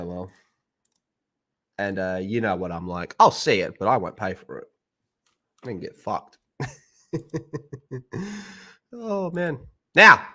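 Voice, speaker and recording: A man's voice: mid-range voice, a bit bright. An Australian man hosting a live stream, talking in a crude, joking way and swearing often. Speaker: streamer host. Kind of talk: casual live-stream chat.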